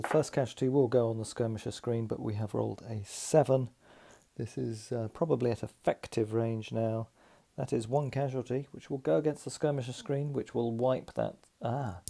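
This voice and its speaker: A man works through a tabletop battle roll by roll, thinking aloud as he tallies the results. His voice is deeply gravelly and husky, with a dark, mellow tone. He talks in an unhurried, methodical way. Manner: methodical, thinks aloud while tallying dice rolls. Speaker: tabletop wargame player narrating a solo game. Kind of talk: casual play-by-play narration.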